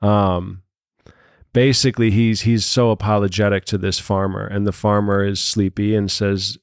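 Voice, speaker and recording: A man from New York City tells a long joke in a casual, rambling way, full of animated asides. His voice sits on the low side. The recording is dry and close, with no room sound. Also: moderate pace, smooth, no room sound. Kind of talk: casual chat, storytelling a joke.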